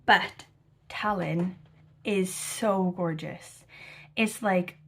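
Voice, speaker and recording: Young American woman, casual vlog chat, gravelly fry, animated rambling storyteller, sweary. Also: fairly low pitch, very slow. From United States. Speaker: travel vlogger.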